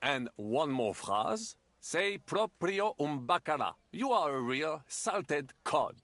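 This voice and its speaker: A man's voice: fairly high pitch, big pitch swings, slow pace, fairly bright tone, dry recording, heavily acted. An actor playing a fussy, theatrical male language teacher in a game, precise and easily exasperated. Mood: patient, exacting. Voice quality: precise, exasperated tutoring manner. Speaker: language tutor. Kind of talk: game voice acting.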